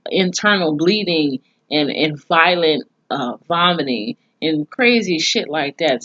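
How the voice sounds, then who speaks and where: Low-voiced woman recapping an episode. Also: a bit bright, muffled recording. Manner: profane, chatty storytelling with asides. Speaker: TV series reviewer.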